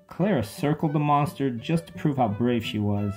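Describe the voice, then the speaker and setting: A narrator reading a children's bedtime story aloud with lively, expressive storytelling. The voice sits in a middle pitch, with soft music faintly underneath. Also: normal speed, few pauses.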